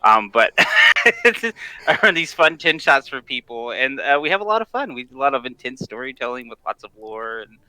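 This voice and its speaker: Upbeat male guest, bright and clear, tripping over his words. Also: medium pitch, very animated, normal speed, no echo, poor audio. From Washington state, USA. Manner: enthusiastic, laughs often, stammering restarts. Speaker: guest, tabletop content creator. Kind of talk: casual interview chat.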